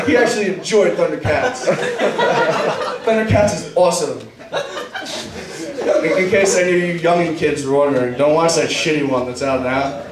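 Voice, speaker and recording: Crude young comic, high voice, echoey room. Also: male voice, normal speed, pauses often, a loud crowd. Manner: crude, rambling, self-interrupting. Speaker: stand-up comedian. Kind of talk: stand-up comedy set. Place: small comedy club stage. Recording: echoey club room, distant mic.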